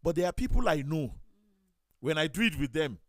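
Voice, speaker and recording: Nigerian male talk-show host and pastor, animated storyteller, close dry studio mic. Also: a little high, brisk, dry recording. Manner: storytelling, acts out quoted voices, lively. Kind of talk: studio talk show chat, telling anecdotes.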